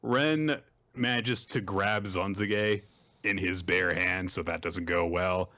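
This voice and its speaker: A man recapping manga chapters on a podcast, animated and casual, slipping into silly voices for quotes. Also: low-pitched, slow, dull audio.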